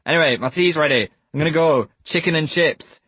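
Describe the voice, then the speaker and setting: A man's voice: on the high side, brisk, a bit bright, slightly rough, dry recording, pitched above the performer's own voice. A man voicing a hyperactive twelve-year-old boy recording a message for the future, full of silly jokes. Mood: giddy. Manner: giddy, jumpy, silly jokes.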